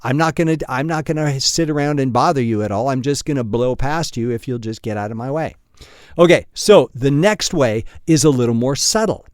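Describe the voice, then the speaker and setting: A man hosts his own podcast, talking in a blunt, profane, self-mocking way and breaking into chuckles along the way. His voice sits at an ordinary middle pitch, and it is recorded close and dry with almost no room sound. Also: a little fast, dry recording. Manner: self-deprecating storyteller. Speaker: podcast host. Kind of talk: casual solo podcast monologue.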